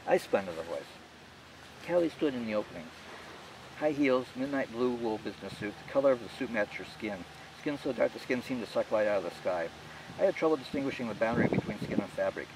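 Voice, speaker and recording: A man's voice: mid-range voice, fast talker, distant mic, noisy background. Man reading his novel from afar. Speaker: author. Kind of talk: audiobook narration.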